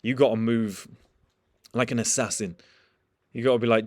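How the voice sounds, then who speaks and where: A man's voice: mid-range voice, fairly even intonation, normal speed, no room sound, clean studio sound. A young man giving a blunt, profane motivational talk in a casual monologue. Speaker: motivational speaker.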